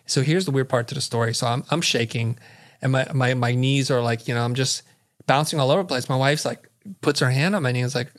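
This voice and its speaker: Middle-aged man, interview guest, animated storyteller, acts out dialogue, medium pitch. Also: fast talker. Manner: vivid storyteller who acts out quoted dialogue.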